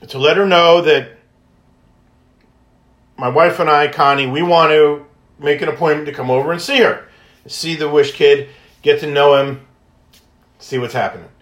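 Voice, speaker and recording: A man hosting a podcast, telling stories in a casual, high-energy way, laughing often and acting out phone calls. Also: a bit bright. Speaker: podcast host and wish granter. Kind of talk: casual storytelling monologue. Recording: echoey room.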